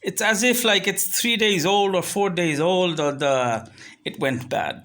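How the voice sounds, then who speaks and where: Man, vlogger, animated casual rant at home, high voice. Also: moderate pace. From Bangladesh. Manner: animated storytelling, mixing English and Bengali. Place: home, indoors.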